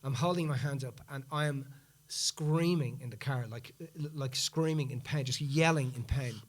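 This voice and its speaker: A man's voice: mid-range voice, normal speed. A man hosting a podcast, telling a story in casual chat and acting out what people said. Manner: animated, acts out quoted speech in the retelling. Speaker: podcast host.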